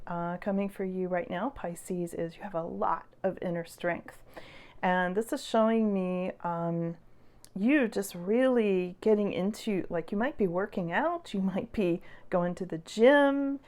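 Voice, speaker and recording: A woman at a middle pitch reads tarot cards for her viewers in a loose, conversational way. She is upbeat and encouraging, scattering "um" and "like" through her talk and laughing softly now and then. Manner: chatty and encouraging, with many fillers and soft laughs. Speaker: tarot reader. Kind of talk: casual tarot reading to viewers.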